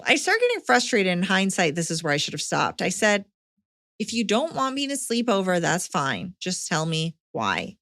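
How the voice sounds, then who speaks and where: A woman's voice: lowish voice, sing-song, moderate pace, a bit bright, no room sound, studio quality. A woman hosting a podcast, reading a listener's letter aloud and breaking in with blunt, swearing reactions. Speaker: podcast host.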